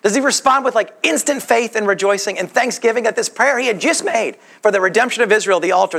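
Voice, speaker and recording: A male preacher delivers a sermon in a relaxed teaching manner. His pitch rises and falls expressively, and a gravelly fry colors his voice. He often poses rhetorical questions to his listeners. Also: fast, few pauses.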